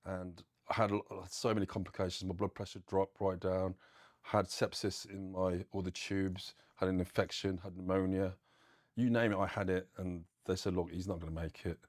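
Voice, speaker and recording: A man's voice: deep voice, flat delivery, normal speed, no room sound, studio quality. A man telling a harrowing personal story in an interview, earnest and plain-spoken with frequent fillers. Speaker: guest, gym owner.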